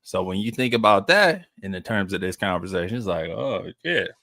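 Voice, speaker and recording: A man with a fairly low voice, recorded close and dry in a studio with no room sound. He talks in a loose group debate, teasing the others, swearing and cutting in loudly. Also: expressive, a little fast, no echo.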